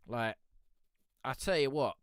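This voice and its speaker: Excitable man with lively pitch. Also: unhurried, clean tone, no room sound, clean studio sound. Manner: rambling, excitable, peppered with "mate". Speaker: music review show host. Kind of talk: casual live-stream commentary.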